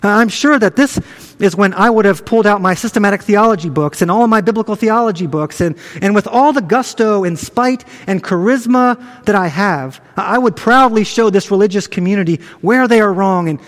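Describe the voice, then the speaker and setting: A man's voice: high-pitched, fairly quick, big-room sound. A man preaching a sermon as a pastor, earnest and conversational, often restarting his words.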